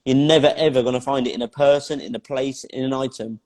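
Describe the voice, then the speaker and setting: A man's voice: mid-range voice, steady tone, fast talker, a little mellow. A man tells his own life story as an interview guest, talking bluntly, swearing often and repeating phrases for emphasis. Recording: long hall reverb.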